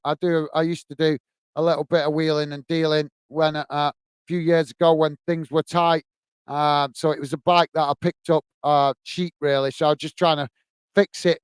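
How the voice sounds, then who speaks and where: A man's voice: fairly high pitch, smooth, dry recording. A man hosting a football fan livestream, casually reading out viewer comments in a friendly, chatty way, full of "uh" and "mate". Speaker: football channel host.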